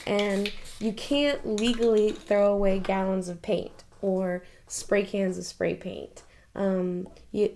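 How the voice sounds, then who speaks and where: A woman's voice: mid-range voice, a little mellow. A woman painter talking casually in a documentary interview, chatty and emotional, laughing often and swearing now and then. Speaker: painter and architect.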